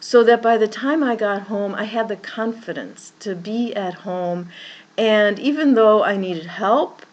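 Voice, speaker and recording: A woman's voice: mid-range voice, unhurried, lo-fi sound. A woman who works as a life coach, telling a personal story in an earnest way, with many restarts and repeated words. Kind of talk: personal story told to camera.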